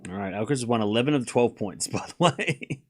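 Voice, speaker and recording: A man's voice: medium pitch, lively intonation, fast, slightly rough. A man hosting a live tennis watchalong stream, commentating on points and playfully scolding and pleading with his chat.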